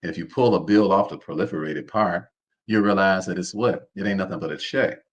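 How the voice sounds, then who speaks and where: A man with a very low voice hosts a live online session. He drives his points home by repeating them and keeps asking his listeners to answer him. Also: fairly quick. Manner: preacher-like, calls on the audience to respond; repeats phrases, informal speech. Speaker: host. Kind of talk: live online seminar talk.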